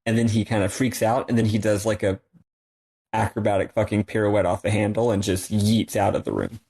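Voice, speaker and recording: A man's voice: lowish voice, flat delivery, brisk, a little mellow, husky. A man co-hosting a podcast, chatting enthusiastically and jokily about a video game, with lots of "like". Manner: enthusiastic, loose and jokey, lots of "like". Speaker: podcast co-host.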